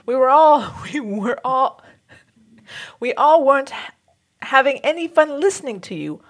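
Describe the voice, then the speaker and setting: A woman voicing a snooty, mock-outraged letter writer in a put-on British accent, reading listener mail with theatrical, drawn-out exclamations. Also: high-pitched, expressive, pitched above the performer's own voice. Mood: mock outrage.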